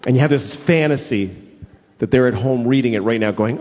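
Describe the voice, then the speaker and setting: A man doing a stand-up comedy routine with an animated, profane, exasperated delivery. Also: medium pitch, a little fast, a little hiss or hum. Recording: reverberant hall, faint ambience.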